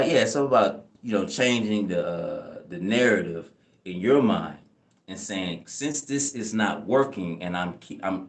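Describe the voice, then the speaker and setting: Laid-back man rambling in slang, low voice. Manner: laid-back slang-heavy rambling, frequent "you know what I'm saying". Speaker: channel host answering live chat. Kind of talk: casual livestream chat. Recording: echoey room.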